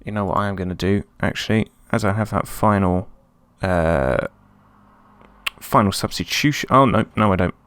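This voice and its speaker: A man casually commenting on his own football management game, chatty and prone to sudden excited outbursts. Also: low voice, normal speed, clean tone, no echo. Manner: excitable, chatty, swings between calm and yelps. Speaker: let's play host.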